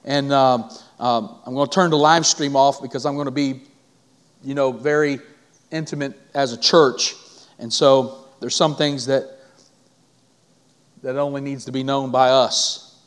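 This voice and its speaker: A male pastor preaching a sermon in church, often halting and repeating words, then rising into emphatic preaching. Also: mid-range voice, fairly even intonation.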